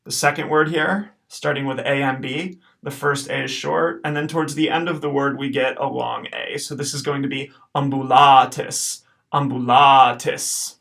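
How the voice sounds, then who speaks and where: A man with a mid-pitched voice full of gravelly fry narrates a recorded lesson over slides. He explains patiently, step by step, and checks in with a quick okay. He talks close to a desk mic. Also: steady tone, fairly bright tone. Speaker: Latin teacher.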